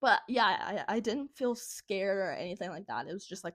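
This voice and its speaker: A young woman co-hosting a podcast tells a story in casual chat, rambling with lots of "like" and laughing often. Her medium-pitched voice is animated at normal speed, captured with clean studio sound and no echo.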